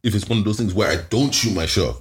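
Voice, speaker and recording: A man with a very low, deep voice talks in a casual group chat. He presses his point emphatically and keeps checking that the others follow him. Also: fast talker, a crowd in the background.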